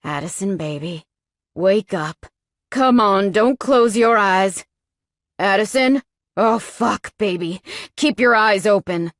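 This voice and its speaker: A rough, fiercely loyal male biker rasps urgent words, slow and dry-sounding, as a woman narrator acts him out. It is an audiobook reading. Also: mid-range voice, lively intonation, a bit bright, no room sound. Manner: rasping, urgent.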